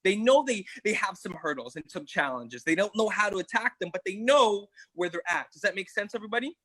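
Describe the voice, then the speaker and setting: Male coach, high bright voice, emphatic, dry close sound. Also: expressive, a little fast, husky, no echo, poor audio. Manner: emphatic, keeps asking "right?". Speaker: weight-loss coach. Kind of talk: motivational group talk.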